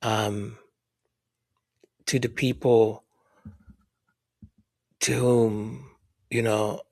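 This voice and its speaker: A man hosting a podcast who reads listener comments aloud, speaking softly and haltingly, often whispering his thanks and sounding moved. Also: fairly low pitch, level tone, vocal fry, dry recording, clean studio sound. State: moved, emotional. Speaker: podcast host. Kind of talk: casual chat reading listener comments.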